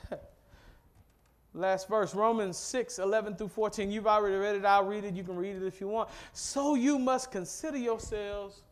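A middle-aged man from Mississippi delivers a sermon in a strikingly high voice. He leads the congregation in call-and-response and swells from quiet, low asides to loud, fervent exhortation. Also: little pitch movement, a little fast. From Mississippi, USA. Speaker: pastor.

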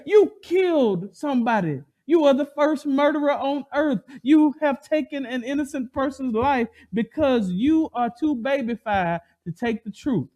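A man preaching a sermon, emphatic and animated, asking the congregation call-and-response questions. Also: extremely high pitch, moderate pace, hardly any pauses.

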